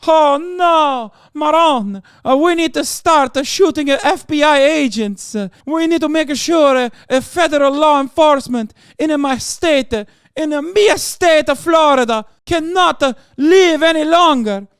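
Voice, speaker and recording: A man voicing a loud caricature of an Italian politician in a fake Italian accent, stammering and outraged. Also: extremely high pitch, measured pace, hardly any pauses, no room sound, clean studio sound, voice pushed up, heavily acted. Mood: mock outrage. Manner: shouting, mock-outraged, stammering.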